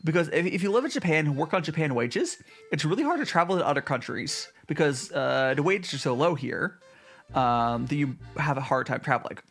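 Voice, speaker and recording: A man's voice: on the high side, animated, brisk, a bit bright, soft background music. A man streaming casually from home in Japan, chatting with viewers and answering their messages, with frequent restarts. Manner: chatty, reads and answers chat, many restarts. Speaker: VTuber streamer. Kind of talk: casual live-stream chat.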